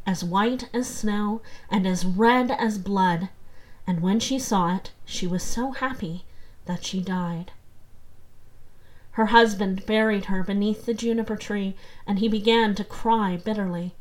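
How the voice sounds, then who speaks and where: A woman narrating a fairy tale in a calm, measured storybook reading. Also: medium pitch, low-quality recording.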